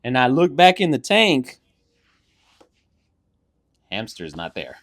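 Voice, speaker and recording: In a mid-range voice at a slow pace, a young man co-hosts a casual podcast on a handheld mic. He tells stories with lots of swearing, animated and acting out every scene.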